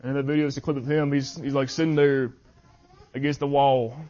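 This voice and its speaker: A man preaching at a youth meeting, reading scripture slowly and earnestly, sometimes tripping over his words. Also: mid-range voice, flat delivery, warm tone. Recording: muffled lo-fi audio.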